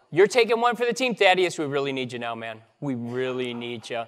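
A man's voice: medium pitch, a little fast, hardly any pauses, clear, resonant tone. A male pastor leading a prayer and then an upbeat, playful children's message at a church service. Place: church sanctuary.

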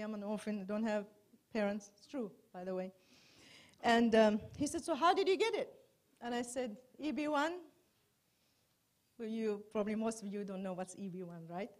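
A woman with a high voice, a journalist doing stand-up, performs a comedy set in a large hall in front of a live audience. Her storytelling is chatty and self-mocking, sprinkled with wry asides.

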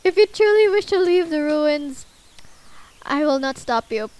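A woman voicing a gentle, motherly goat woman from a game, reading her lines softly and slowly. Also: sits high, lively intonation, voice pushed up. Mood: soft sorrowful.

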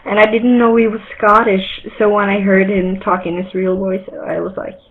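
A woman's voice: medium pitch, level tone, moderate pace, crowd noise. A woman telling a story hesitantly over a video chat. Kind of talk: casual anecdote. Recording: tinny video-call audio, faint hiss.

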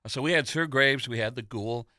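A man's voice: medium pitch, normal speed, sharp tone, dry recording. A man hosting a casual studio talk show, telling stories in a rambling, nostalgic way with plenty of fillers. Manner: chatty, nostalgic storyteller with many fillers. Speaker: host. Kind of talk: casual chat. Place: local TV studio. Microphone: studio microphone.

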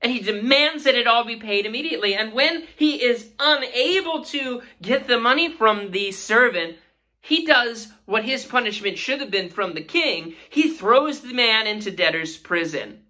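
A woman's voice: a little high, expressive, moderate pace, sharp tone. A woman teaching a Sunday school Bible lesson in an earnest way, asking her listeners questions.

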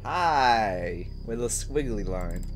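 A man's voice: medium pitch, animated, takes it slowly, a little hiss or hum. A man casually commenting on a dating sim as he plays, chuckling and talking to his viewers. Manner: laid-back, chuckling, talks to viewers while reading a visual novel. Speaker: gaming video host. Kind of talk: casual let's-play commentary.

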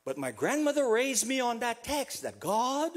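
A man from South America preaching a funeral sermon as pastor, repeating a refrain softly and building to emphatic passages. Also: big pitch swings, moderate pace. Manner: repeats a refrain, dropping to a soft low voice.

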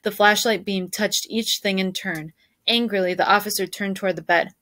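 A woman's voice: mid-range voice, steady tone, moderate pace, fairly bright tone, no echo. A woman teacher reading a novel aloud to her students, stopping to ask questions and explain.

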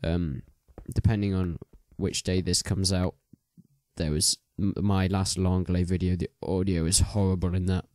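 A man's voice: deep voice, little pitch movement, normal speed, a little mellow, dry recording, studio quality. A young man chatting casually as he plays a game, rambling with many ums and restarts. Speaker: gaming video host.

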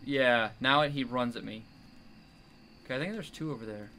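A young man giving jumpy commentary while playing a horror game, yelling at the monster chasing him. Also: medium pitch, moderate pace, slight background noise. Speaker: gamer.

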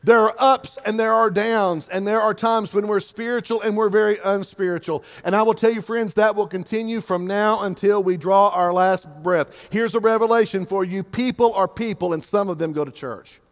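High-voiced pastor guy from oklahoma, preaching, joking, gets loud then drops quiet, stretches words out. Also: soft background music. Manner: animated, joking, swings between loud and quiet, drawn-out emphasis. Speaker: lead pastor. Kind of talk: sermon.

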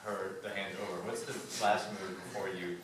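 A man in a salsa class asks hesitant questions about a move, his voice sitting fairly low. He is far from the camera, and the studio gives a heavy echo. Room noise can be clearly heard around him. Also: flat delivery, moderate pace. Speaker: dance student. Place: dance studio, indoors. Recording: echoey studio from a distant camera.

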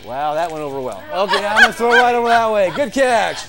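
Very high-voiced male talk show host. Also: very animated, heavy background noise. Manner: reads punchlines briskly, laughing at his own jokes. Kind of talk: comic top-ten list and guest introduction.

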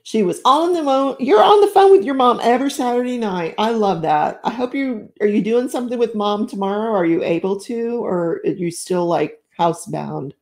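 A woman's voice: a little high, animated, moderate pace, few pauses, darkish tone. A middle-aged woman hosting a live stream, chatting casually and effusively while she crafts, greeting viewers with lots of exclamations. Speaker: livestream host.

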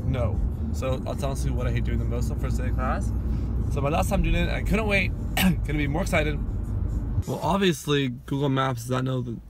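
A man's voice: medium pitch, background noise. A young man in his twenties, a college student vlogging in a chatty, upbeat way and talking straight to his viewers. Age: 20s. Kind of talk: casual vlog chat.

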